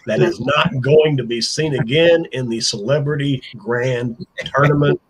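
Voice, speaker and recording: A man hosting a panel show, animated and building suspense before announcements. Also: medium pitch, a little slow, slight background noise. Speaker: show host.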